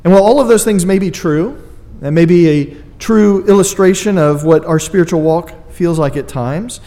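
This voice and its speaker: A man's voice: high-pitched, warm tone, in a large hall. A man preaching a sermon, earnest and emphatic, with dry asides to his congregation. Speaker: pastor.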